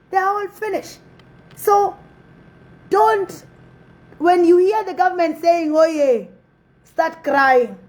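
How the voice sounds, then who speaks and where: A woman's voice: high-pitched, a little mellow, rough recording. A woman giving earnest, repetitive commentary that urges her listeners. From South Sudan. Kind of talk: impassioned commentary.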